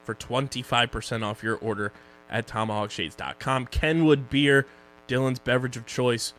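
The speaker is a young co-host of a casual streaming-shows podcast, his medium-pitched voice steady, moderately paced and a bit bright. He jokes around loosely while delivering social plugs and sponsor reads.

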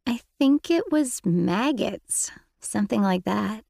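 A woman voicing a young girl, a worried little sister, speaking in a hushed, uncertain way. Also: a little high, normal speed, vocal fry, dry recording, studio quality, pitched above the performer's own voice.

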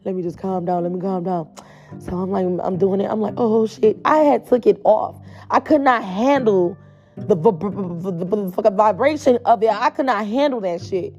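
A woman's voice: mid-range voice, normal speed, a little mellow, soft background music. A woman telling a blunt, profane storytime straight to her viewers in a casual, chatty way.

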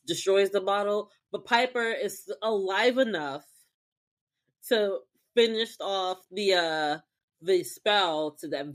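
A woman co-hosting a podcast, recapping a TV episode in an animated, profane way. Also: mid-range voice. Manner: animated, profane, acts out characters. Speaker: podcast co-host. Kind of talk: casual chat recapping a TV episode.

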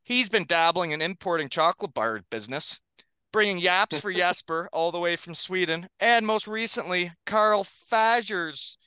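A man's voice: high-pitched, animated, normal speed, pushed and bright, clean tone, dry recording. A man hosting a casual hockey podcast, upbeat and joking, often laughing. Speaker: podcast host.

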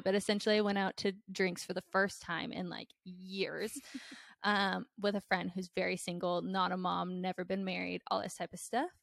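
Blunt, candid young woman, gravelly edge. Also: medium pitch, no echo, clean studio sound. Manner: candid and blunt, with frequent fillers. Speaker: podcast host. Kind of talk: casual chat.

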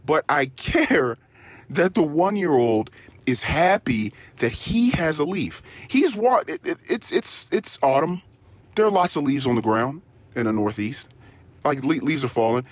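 A man's voice: mid-range voice, normal speed, slightly rough, dry recording. A man rambling through a spoken diary in a crude, profane, ranting way. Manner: animated, swings into mock-excited tones. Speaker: diary podcast host.

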